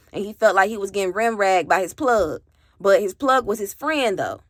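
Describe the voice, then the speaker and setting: A woman's voice: mid-range voice, expressive, moderate pace, no echo, studio quality. A woman vlogger telling a personal story in a casual storytime monologue, emphatic, swearing freely and talking straight to her viewers. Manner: addresses viewers directly.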